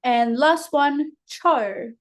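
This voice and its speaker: Aussie lady tutor, slow patient phonics lesson, kinda high voice. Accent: Australian. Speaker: reading tutor.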